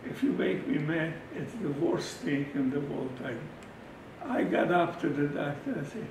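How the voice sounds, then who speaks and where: An older man, giving oral history testimony and telling his memories with animated energy, acting out the people in his story and often restarting his sentences. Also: on the high side. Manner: animated storytelling, acting out quoted exchanges in a raised voice, halting restarts. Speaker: interviewee recounting wartime memories. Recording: echoey room, distant mic, background noise.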